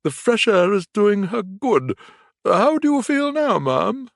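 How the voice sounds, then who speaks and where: Man voicing a kindly gentleman, hearty, jovial, loud, storybook, lively pitch. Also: a little slow, no room sound, clean studio sound, exaggerated voice.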